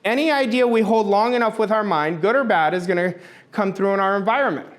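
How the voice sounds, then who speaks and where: A man's voice: high voice, fast talker. A middle-aged man giving a motivational talk to an audience, emphatic and blunt, repeating his points and swearing now and then. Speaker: motivational speaker.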